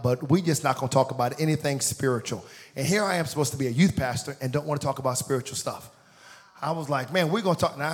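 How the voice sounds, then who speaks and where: A pastor in his forties delivers a sermon, telling a story with acted-out voices and climbing to shouted, sing-song peaks. His voice is medium in pitch.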